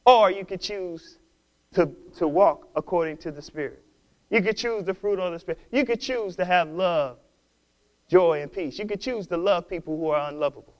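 A man pastor with a notably high voice delivering a sermon. He exhorts his listeners, stumbles over and repeats words, and swells into loud, fervent preaching. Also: normal speed.

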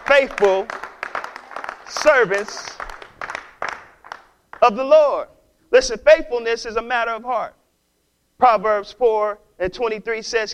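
A man's voice: high voice, measured pace, pauses often, fairly bright tone, poor audio. A man preaching a sermon with call-and-response questions and playful asides to the congregation. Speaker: pastor.

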